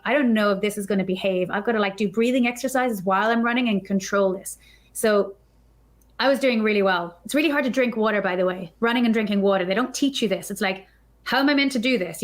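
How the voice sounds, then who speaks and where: A woman guest on a podcast, telling a story in a chatty, animated way and acting out her own thoughts. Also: medium pitch. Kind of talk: casual storytelling.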